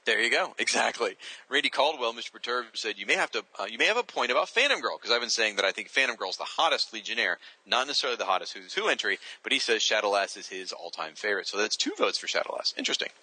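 Male podcast host, bright and dry, casual, reads listener names and self-corrects. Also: lowish voice, lively intonation, fast, no room sound, poor audio. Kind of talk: reading listener shout-outs.

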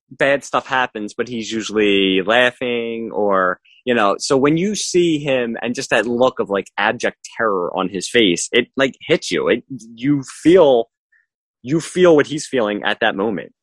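Man, mid-pitched voice, dry close mic, halting casual podcast talk. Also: a bit bright, no echo. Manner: hesitant, lots of fillers and restarts. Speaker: podcast co-host. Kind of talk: casual TV discussion chat.

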